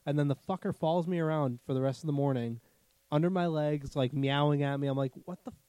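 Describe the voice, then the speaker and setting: A man's voice: a little high, fast talker, mellow, smooth, dry recording. A man in casual, profane chat who laughs a lot and slips into silly animal voices.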